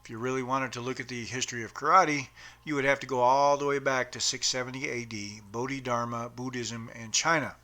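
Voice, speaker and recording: A man's voice: mid-range voice, fairly even intonation, fairly quick, pushed and bright. A man explaining the history of his martial arts uniform patch, reading aloud carefully, with small stumbles and self-corrections.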